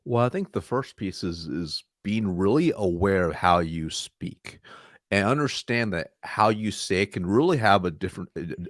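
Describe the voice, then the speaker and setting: Lively low-voiced male sales trainer. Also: no room sound, clean studio sound. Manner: energetic, acts out sales dialogue in quick asides. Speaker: sales trainer, podcast guest. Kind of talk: conversational interview.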